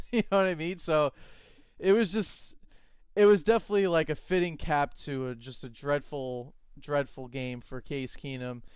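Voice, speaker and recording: Smooth-voiced man in animated sports chat. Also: a little high, moderate pace, no echo, clean studio sound. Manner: animated, laughs easily, opinionated. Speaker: fantasy football co-host.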